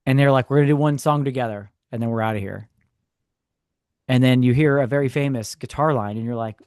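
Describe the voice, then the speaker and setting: A man, co-hosting a podcast, telling a story in a casual, animated way with sarcastic asides. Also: mid-range voice, a little fast, no room sound, studio quality. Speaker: podcast co-host. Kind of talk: casual chat.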